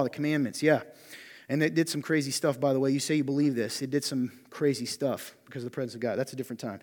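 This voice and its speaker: A man preaching a sermon in a conversational, animated way with joking asides, his voice strained by allergies. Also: medium pitch, in a large hall. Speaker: pastor.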